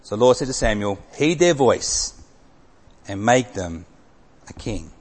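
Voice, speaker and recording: A man preaching a sermon, reading scripture with dramatic emphasis, swinging from loud, raised lines to hushed, slow drops. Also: fairly low pitch, lively intonation. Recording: long hall reverb.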